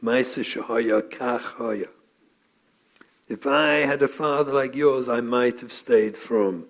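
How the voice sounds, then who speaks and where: A man's voice: mid-range voice, slow. A middle-aged man, a rabbi and parenting educator, gives a live training lecture, telling stories with acted-out quotes and Yiddish and Hebrew terms. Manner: animated storytelling, acts out quotes, mixes Yiddish and Hebrew terms.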